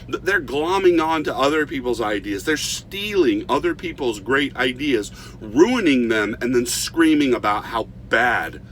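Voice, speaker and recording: Middle-aged male reviewer, casual and animated, stumbles and restarts often, faint noise behind. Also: mid-range voice. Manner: animated storytelling with frequent restarts. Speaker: movie reviewer.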